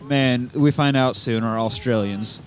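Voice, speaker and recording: A man's voice: mid-range voice, measured pace, faint music behind. A man hosting a podcast, animatedly retelling film scenes in casual, profane chat. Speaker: podcast host.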